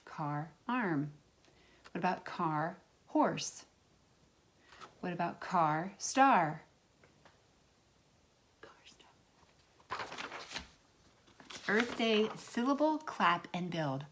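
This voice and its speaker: A woman's voice: lowish voice, expressive, slow, a bit bright. A woman teaching a remote lesson to young children as their kindergarten teacher, drawing out words in a sing-song way.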